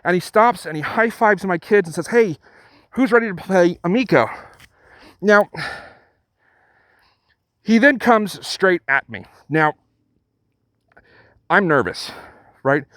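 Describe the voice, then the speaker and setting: A man's voice: sits high, expressive, a bit bright, no room sound. Earnest man retelling a story. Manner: earnest, halting retelling with many restarts. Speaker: channel host. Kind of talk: storytelling vlog.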